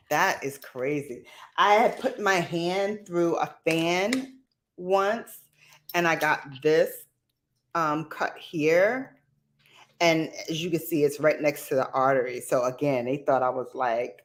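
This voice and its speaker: A woman's voice: low-pitched, takes it slowly. A woman hosting a casual livestream, chatting in a rambling way, laughing often and reading out viewer comments. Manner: reads viewer comments aloud. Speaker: livestream host. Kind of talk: casual live chat.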